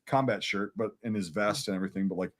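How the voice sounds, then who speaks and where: Talking fast in a fairly low voice, a military veteran from Wisconsin, USA, recounts a war story during casual chat. He's profane and lively, voicing each person's lines as he goes.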